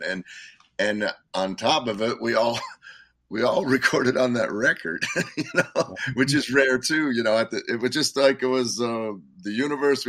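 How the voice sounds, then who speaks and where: A man's voice: lowish voice, sharp tone, no room sound. A man being interviewed as a guest musician, telling stories in a rambling way with frequent chuckles and restarts. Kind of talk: casual interview storytelling.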